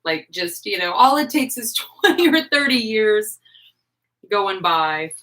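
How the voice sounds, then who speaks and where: Chatty woman in her forties, bright tone. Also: medium pitch, big pitch swings, unhurried, poor audio. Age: 40s. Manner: rambling, full of "like" and "um". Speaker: livestream host. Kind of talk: casual live chat.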